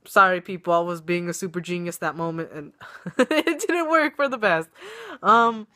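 A woman's voice: fairly low pitch, normal speed, sharp tone. A young woman vlogging casually, chatty and self-mocking, her voice worn and coming and going from being sick. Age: young adult. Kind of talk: casual vlog chat. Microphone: webcam or phone camera.

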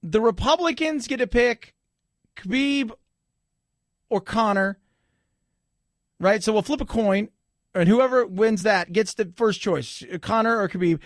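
A man's voice: high voice, unhurried, long pauses, no echo, clean studio sound. A middle-aged man hosting a radio talk show, chatting casually with joking, sarcastic asides. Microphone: studio microphone.

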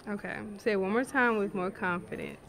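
A woman's voice: mid-range voice, brisk, a bit bright. A woman hosting a video, coaching guests to repeat affirmations and laughing often. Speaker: video host. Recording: crowd chatter behind.

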